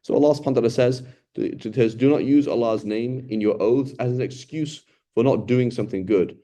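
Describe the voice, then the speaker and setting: A man's voice: mid-range voice, fairly quick. A man teaching a Ramadan Quran lesson in a conversational, emphatic way, asking rhetorical questions and acting out what people say. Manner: acts out quoted people in lively voices.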